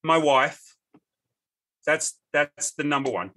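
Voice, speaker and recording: A man in his fifties with an Australian accent, a podcast guest telling lively, earnest stories in casual conversation. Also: fairly high pitch, takes it slowly. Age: 50s. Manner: lively, earnest, folksy anecdotes. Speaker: guest, business owner.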